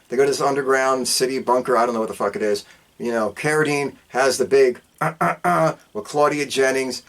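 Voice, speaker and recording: A man hosting a film review podcast, recapping a plot in a loose, profane way with throwaway asides. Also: mid-range voice.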